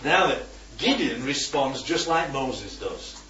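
A man's voice: mid-range voice, big pitch swings, takes it slowly, a crowd in the background. A man leading a small-group Bible study, asking the group questions and checking in with "right?" and "yeah?". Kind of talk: teaching a group discussion. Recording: roomy, distant, dull-sounding recording.

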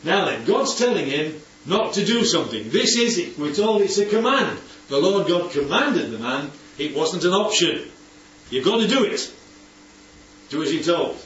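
Man, Bible study leader, animated, keeps checking for agreement; distant, echoey, muffled recording. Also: sits high, moderate pace, few pauses, a little hiss or hum. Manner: animated, asks for agreement often. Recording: roomy, distant, dull recording with faint background ambience.

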